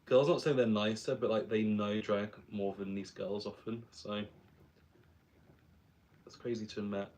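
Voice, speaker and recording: A young man talks through his drag makeup in a loose, rambling vlog chat. His voice sits fairly low, and he keeps slipping in self-mocking jokes as he goes. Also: fairly even intonation, measured pace, pauses often, a little mellow. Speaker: drag performer and vlogger. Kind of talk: casual vlog chat while doing makeup.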